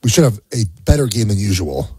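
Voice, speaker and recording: A man co-hosts a sports radio show and lays on mock-mournful sarcasm, stumbling through restarts. His voice is dark and husky, recorded close and dry on a studio mic. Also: lowish voice, big pitch swings, fast, no room sound. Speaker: radio co-host, former pro football player. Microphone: studio microphone.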